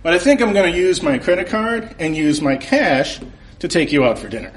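A man's voice: a little high, fairly quick, close to an everyday voice, low-quality recording. A man voicing a smug, creepy older male customer in a comic story. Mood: smarmy. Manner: smarmy, self-satisfied.

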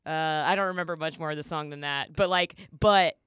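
Laid-back guy hosting a podcast, smooth clear voice, dead dry room. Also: fairly high pitch, fast talker, bright, forceful tone, no room sound. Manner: easygoing, laughs often, loose storytelling. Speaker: podcast host. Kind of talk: casual chat.

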